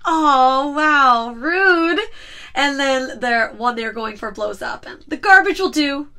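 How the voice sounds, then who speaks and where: A woman's voice: a little high, expressive, moderate pace, vocal fry, sharp tone. A woman hosting a casual chat podcast, giggling often and retelling movie scenes with lots of "like". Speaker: podcast host.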